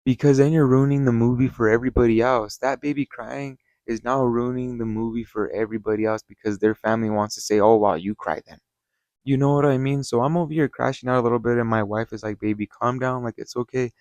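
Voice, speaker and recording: A man's voice: mid-range voice, steady tone, quick pace, hardly any pauses, darkish tone, dry recording. A man hosting his channel, telling a casual story-time review in a rambling, worked-up way, with lots of swearing and "you know". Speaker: channel host.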